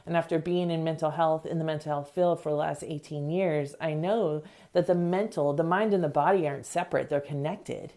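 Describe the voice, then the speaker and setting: A woman's voice: sits low, fairly even intonation, dark tone. A middle-aged woman hosting a self-help podcast, speaking earnestly in a motivational talk and acting out short examples. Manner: earnest, acts out quick examples in voices. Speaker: podcast host.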